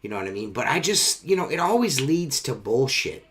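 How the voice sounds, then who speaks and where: Man, podcast host, casual banter, profane, rambling, mid-pitched voice. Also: very animated, brisk, a bit bright. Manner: profane, rambling, repeats himself.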